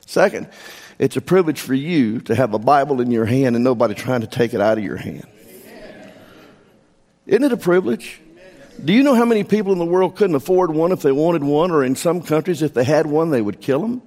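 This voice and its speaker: A man's voice: on the high side, animated, fairly quick, darkish tone. Older male pastor preaching in a reverberant church. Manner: earnest, emotional, leads congregation in scripture reading. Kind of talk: sermon. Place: church sanctuary. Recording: long hall reverb.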